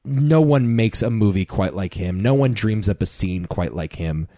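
A man's voice: lowish voice, lively intonation, normal speed, warm tone, no room sound, studio quality. A man co-hosting a casual film podcast, talking in an emphatic, opinionated way. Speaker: podcast co-host.

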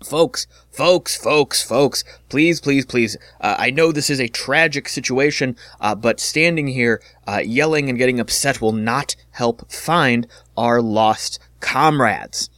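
A man's voice: mid-range voice, slow pace, hardly any pauses, fairly bright tone, no echo. A man voicing a fretful male town elder who pleads with a crowd and repeats himself nervously. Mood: pleading.

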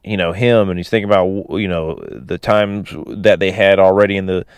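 A man's voice: low voice, steady tone, a little fast, clean tone, no room sound. A man casually retelling a film plot, rambling with many fillers and chuckling asides.

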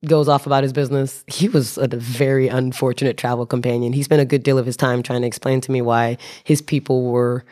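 A man's voice: medium pitch, level tone, brisk, hardly any pauses, a little mellow. A man telling a rambling, wry travel anecdote in casual speech, often restarting his sentences and briefly acting out other people's voices. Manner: rambling, self-correcting, wry, acts out voices. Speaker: storyteller.

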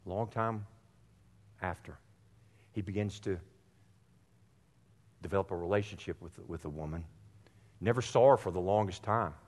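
A middle-aged man preaching a sermon, dropping to near whispers for stories and rising to loud exhortation. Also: deep voice, moderate pace, long pauses. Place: church sanctuary. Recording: long reverb of a church hall.

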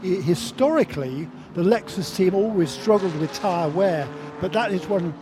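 A man's voice: high voice, expressive, normal speed. A man commentating on a race, giving reflective, chatty analysis of drivers and teams. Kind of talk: broadcast commentary. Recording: race car noise behind.

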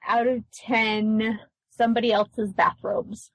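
A woman on a casual podcast, quick to laugh and shy about doing voices. Her voice sits a little high, and the recording is dry and close. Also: little pitch movement, no room sound, poor audio. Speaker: podcast co-host.

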